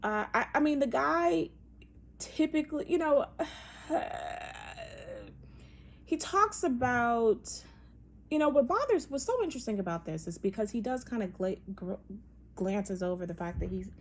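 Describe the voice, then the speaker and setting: A woman's voice: fairly high pitch, lively intonation, a little slow, long pauses. A woman hosting a casual opinion monologue, talking emphatically and animatedly, with many fillers and restarts. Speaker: podcast host.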